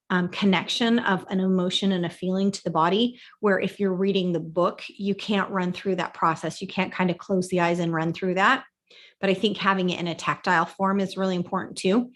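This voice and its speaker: A woman life coach talks through a lesson in an earnest, emphatic way, stressing her main points by saying them twice. Her voice sits at an ordinary middle pitch. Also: fairly bright tone. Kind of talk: teaching talk to camera.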